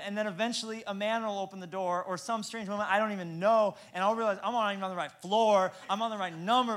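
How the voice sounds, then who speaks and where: A middle-aged man preaching a sermon in a fairly high voice. He prays softly and quietly, then shifts into light, self-mocking stories of everyday awkward moments, acting out the lines he quotes. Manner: self-deprecating storyteller, acts out quoted lines; prays in a soft, hushed tone. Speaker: pastor. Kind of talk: sermon with humorous anecdotes.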